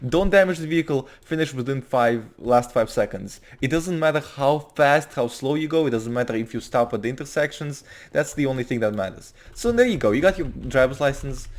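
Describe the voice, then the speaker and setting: Man rambling over gameplay. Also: mid-range voice. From Russia. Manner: rambling, swearing, quick restarts and laughter. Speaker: gaming video host. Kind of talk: casual gameplay commentary.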